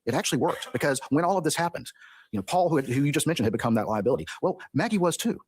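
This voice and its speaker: A man's voice: fairly high pitch, animated, racing, a little mellow, slightly rough. A man, arguing as prosecutor before a supreme court, in insistent persuasive sentences that run on and chain points together. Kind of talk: courtroom oral argument.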